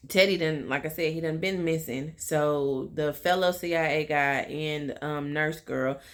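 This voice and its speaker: A woman's voice: low-pitched, unhurried. A young woman casually recapping a TV episode, chatty and full of fillers. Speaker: TV recap vlogger.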